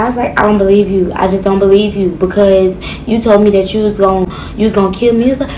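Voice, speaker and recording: A woman's voice: mid-range voice, fast, hardly any pauses, a little hiss or hum. A woman, telling a dramatic personal story in a casual, slangy way and acting out what others said. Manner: animated, acts out quotes, slangy.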